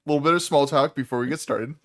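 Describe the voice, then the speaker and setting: A man's voice: mid-range voice, very fast, a bit bright. A man playing in a tabletop game, chatting in a laid-back way, laughing often and swearing casually. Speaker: player.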